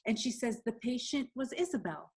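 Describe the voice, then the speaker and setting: A woman's voice: on the high side, expressive, moderate pace, darkish tone. A woman co-hosting a talk show, retelling a story she heard with quoted speech. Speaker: show co-host. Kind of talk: casual storytelling.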